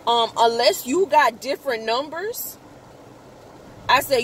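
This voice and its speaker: High-voiced woman telling a story. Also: a little hiss or hum, low-quality recording. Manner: animated, profane, exclaims in quoted outbursts. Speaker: vlogger. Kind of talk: casual storytelling.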